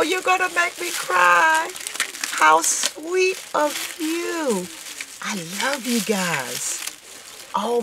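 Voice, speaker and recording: A woman's voice: low-pitched, noisy background. A woman chatting casually in a craft vlog as she opens mail, gushing and exclamatory, often close to tears with gratitude. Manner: gushing, exclamatory, emotional and grateful. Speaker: crafting vlogger. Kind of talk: casual chat while unboxing mail.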